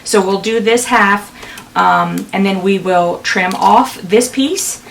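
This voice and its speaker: A woman's voice: mid-range voice, takes it slowly, vocal fry, fairly bright tone, recorded from a distance, a little hiss or hum. A middle-aged woman chatting through a quilting sew-along, talking casually with lots of ums and laughing at herself. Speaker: quilting vlogger. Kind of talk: casual sewing tutorial chat.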